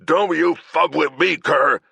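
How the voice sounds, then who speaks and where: A man voicing a hot-headed male knight who shrieks and shouts in a fury. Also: mid-range voice, huge pitch swings, slow, creaky, husky, dry recording, clean studio sound, voice pushed up, exaggerated voice. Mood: furious.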